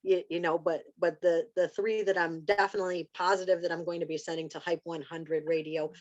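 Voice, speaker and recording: A woman guest on a podcast, chatting casually and telling animated stories with frequent restarts. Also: on the low side, brisk, lo-fi sound. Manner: animated storytelling with repeated restarts. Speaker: podcast guest, spoken word writer.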